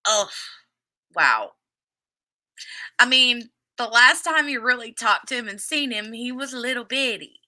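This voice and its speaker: A woman's voice: on the high side, normal speed, few pauses, bright, forceful tone. A woman hosting a casual livestream, chatty and laughing often as she greets viewers by name and recaps a TV episode. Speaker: livestream host.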